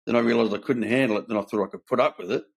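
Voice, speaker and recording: A man's voice: mid-range voice, fairly even intonation, racing, gravelly. An older man with an Australian accent, hosting a candid talk and telling his own story in an earnest, blunt way. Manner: earnest, blunt, tells stories with quoted dialogue. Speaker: host sharing his own recovery story. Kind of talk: candid conversation.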